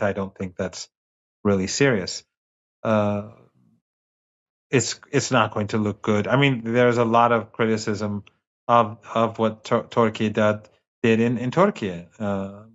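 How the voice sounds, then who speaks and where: Male professor guest, deeper voice, emphatic and repetitive, heard over muffled lo-fi call audio. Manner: emphatic, repeats phrases while building a point. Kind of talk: remote interview commentary.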